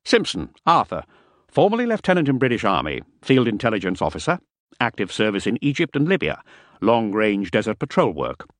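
Audiobook: male narrator playing a brisk army major, clipped and officious, close dry mic. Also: on the low side, huge pitch swings, no echo, pitched above the performer's own voice. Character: brisk military major briefing mercenaries.

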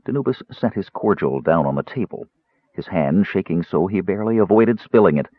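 A man narrating a fantasy audiobook in an expressive, scripted style, on a tinny, dry recording. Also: sits low, fairly quick. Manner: expressive, voices characters.

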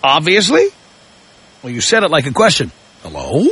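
Loud mouthed radio guy, high bright voice, kinda husky, swings all over the place. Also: big pitch swings, moderate pace. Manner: brash, mocking, provocative. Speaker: radio talk show host. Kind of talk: opinionated call-in radio talk.

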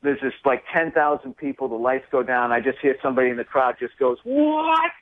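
Animated man on a tinny phone line. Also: medium pitch, quick pace, dry recording. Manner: animated storyteller, acts out voices. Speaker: comedian guest. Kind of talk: casual interview storytelling.

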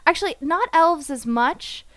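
A woman's voice: sits high, expressive, a little slow, a bit bright, dry recording. A woman co-hosting a casual podcast, reviewing an anime with playful sarcasm and frequent laughs. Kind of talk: casual chat.

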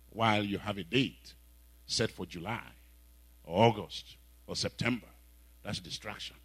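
A man with a Nigerian accent preaching a sermon, telling stories and breaking into sudden loud exhortations. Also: lowish voice, slightly rough, no room sound, rough recording.

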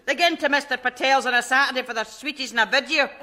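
An actress with a Scottish accent playing a bossy, sharp-tongued middle-aged mother in a sitcom, firing off quick comebacks. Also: sits high, very noisy, natural voice.

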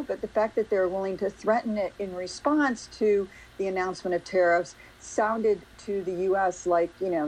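A woman's voice: on the low side, darkish tone, rough recording. A woman economist giving fluent analysis as a guest in a news interview. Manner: fluent, explanatory.

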